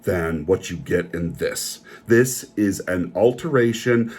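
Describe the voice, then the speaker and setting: A man's voice: low voice, animated, takes it slowly, few pauses, a little mellow, husky. A man delivering an opinionated, indignant rant as a film reviewer, often repeating himself.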